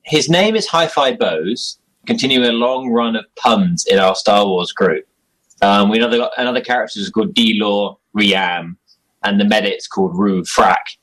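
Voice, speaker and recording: Here a young interview guest casually describes his role-playing game character, wandering off track, poking fun at himself, and laughing softly often. His lowish voice is a bit bright, his pace moderate, and the recording quality is low.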